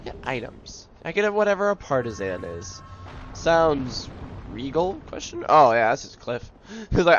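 A man's voice: medium pitch, very animated, normal speed, highs cut off, a little hiss or hum. A young man giving live commentary on a video game, exclaiming and joking about his own failures. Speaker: video game let's player.

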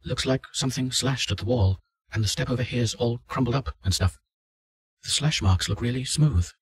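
A man's voice: medium pitch, normal speed, husky, pitched above the performer's own voice, natural voice. A man voicing a frightened male test subject who sounds nervous and reluctant. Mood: uneasy.

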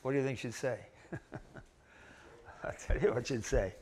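A man gives a Bible lecture in a relaxed, conversational way. His voice sits at an ordinary middle pitch, and he often pauses and restarts mid-sentence. He slips in gentle jokes at his own expense. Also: husky. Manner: conversational, with gentle self-deprecating humor. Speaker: Bible teacher.

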